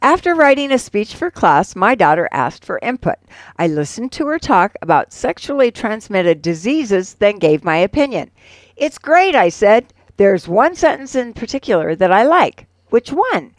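A woman co-hosting a radio show, reading an old poem and jokes aloud with lively expression. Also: medium pitch, moderate pace, no echo.

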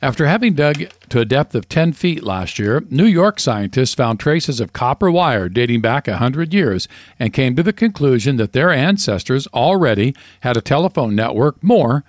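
A man co-hosting a radio program, telling jokes as a folksy storyteller. His pitch moves around a lot as he tells them. The recording is dry and close. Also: no room sound. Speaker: radio co-host. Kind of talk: reading jokes on a radio show.

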